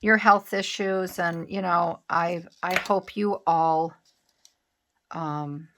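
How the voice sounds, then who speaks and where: Middle-aged woman, slightly low voice, chatty craft vlogger who rambles and restarts. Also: fairly even intonation, takes it slowly, noisy background. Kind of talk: casual chat while crafting.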